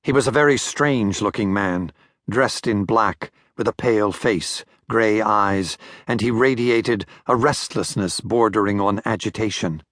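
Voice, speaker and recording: An older man narrating a thriller audiobook in a measured, wry manner, close to a studio mic. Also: fairly low pitch, a bit bright, no echo. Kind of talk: scripted narration.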